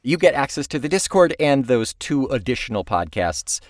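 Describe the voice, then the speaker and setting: A man's voice: mid-range voice, sing-song, moderate pace, no echo, clean studio sound. Chatty male podcast co-host. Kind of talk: casual chat.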